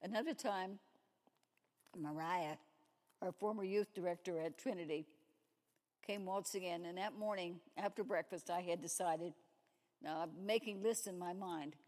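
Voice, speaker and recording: A woman's voice: lowish voice, normal speed, pauses often, darkish tone. A woman giving a sermon-like testimony at a church service, telling stories and acting out the dialogue. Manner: storytelling, acts out dialogue. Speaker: lay speaker at a church service. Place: church sanctuary. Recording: long reverb in a church hall.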